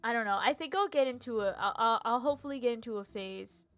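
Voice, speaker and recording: A woman's voice: on the high side, quick pace, a bit bright, no room sound, soft background music. A young woman streamer chatting casually and ranting animatedly about TV shows, laughing and tripping over her words. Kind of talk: casual chat, live stream rant.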